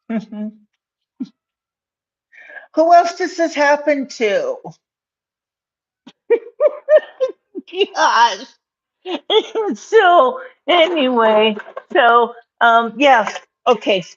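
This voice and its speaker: A chatty woman rambles through a home cooking video, filling pauses and laughing often. She talks in a slow, unhurried way. The sound is dull and lo-fi. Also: on the high side. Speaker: cooking vlogger. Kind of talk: casual cooking chat to camera.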